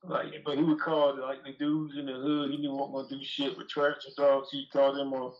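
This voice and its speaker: Gravelly man, profane storyteller. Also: medium pitch, completely flat delivery, fairly quick, muffled recording. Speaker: guest dog breeder. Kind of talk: casual storytelling on a live call-in show.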